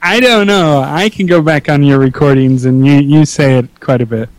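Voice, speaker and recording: A man's voice: on the high side, moderate pace, no room sound. A man co-hosting a casual podcast chat, talking in a rambling, hesitant way with many restarts. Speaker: podcast co-host.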